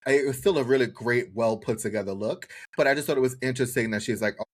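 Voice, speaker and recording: A man co-hosting a podcast, chatting casually about a TV show in an animated, jokey way. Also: mid-range voice, fast talker, breathy edge. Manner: animated, jokey, does exaggerated voices for quoted people. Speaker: podcast co-host. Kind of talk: casual chat reviewing a TV show.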